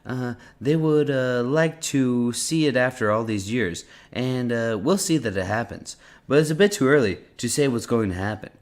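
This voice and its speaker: A man voicing an impression of a blustery US president, halting and repetitive with many uhs. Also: medium pitch, pitched above the performer's own voice, close to an everyday voice.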